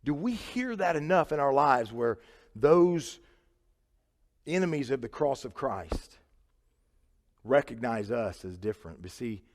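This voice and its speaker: A man preaching a sermon in a church, earnest and conversational, swinging between loud emphasis and quiet asides. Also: medium pitch, animated, measured pace, pauses often. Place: church sanctuary. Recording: reverberant church hall.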